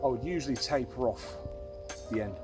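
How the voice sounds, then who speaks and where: A man casually explaining a camp setup outdoors in the woods, chatty and relaxed, with frequent fillers. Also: medium pitch, fairly quick, over music. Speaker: outdoor channel host.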